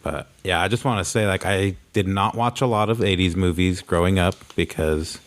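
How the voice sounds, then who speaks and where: A man's voice: low voice, moderate pace. A young man co-hosting a podcast, chatting casually in a laid-back, rambling way full of "like"s. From Mexican-American upbringing. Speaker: podcast co-host. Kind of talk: casual chat.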